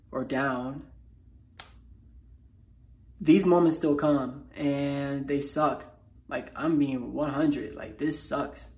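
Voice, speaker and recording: Here a man known as a mental health motivational speaker vlogs unscripted about a low moment. The talk comes out in fits and starts, raw with emotion and crowded with slangy fillers and restarts.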